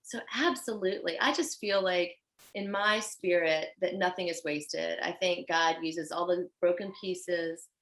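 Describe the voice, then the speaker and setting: A woman's voice: lowish voice, a little slow, poor audio. A woman guest on a podcast interview, a fashion designer speaking in an earnest, effusive way. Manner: earnest and effusive, animated when telling stories.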